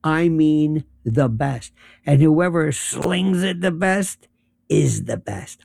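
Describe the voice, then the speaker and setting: A man's voice: fairly high pitch, animated, slow, creaky, a little mellow, dry recording, studio quality. A man giving a rambling, sardonic political commentary monologue, rattling off lists of issues.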